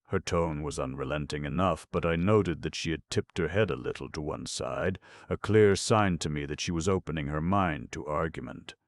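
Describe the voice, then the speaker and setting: A man reads a story aloud in a measured, even way. His voice is extremely deep with a gravelly fry. The sound is dry and close to the mic. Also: dry recording. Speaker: audiobook narrator. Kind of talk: audiobook narration.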